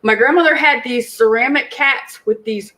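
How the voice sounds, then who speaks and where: Woman in her 40s, lively storyteller on a podcast, swears a lot, slightly high voice. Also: normal speed, rough recording. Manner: animated, swears freely, acts out quotes. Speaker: podcast co-host. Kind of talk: casual storytelling chat.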